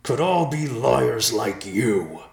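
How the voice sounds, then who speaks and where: A man puts on a gruff elder bear for a storybook reading, growling his words slowly and loudly. The voice sits very deep, and the room around it rings with echo. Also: steady tone, lightly acted. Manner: growling, slow and loud when angry. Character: gruff elder male bear, short-tempered.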